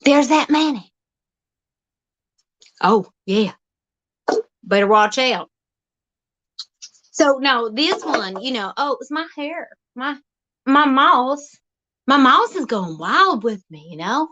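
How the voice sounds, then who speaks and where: A woman with a high voice delivers a playful, rambling monologue to her viewers. Her pitch leaps around in folksy, teasing bursts, yet she takes her time over each phrase. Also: lively intonation, takes it slowly, long pauses, pushed and bright, dull audio. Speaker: vlog host. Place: outdoors.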